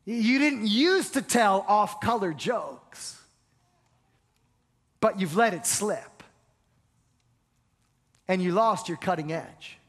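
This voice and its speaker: A man's voice: sits high, slow, pauses often, a bit bright. A man preaching a sermon to a congregation, talking earnestly and often stumbling over repeated words. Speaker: pastor. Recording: reverberant large hall.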